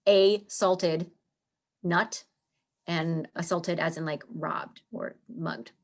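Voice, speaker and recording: A woman's voice: lowish voice, steady tone, very slow. A woman teaching a literature lesson in a casual, chatty way, often saying "you know" and restarting her sentences. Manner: chatty, many fillers and restarts.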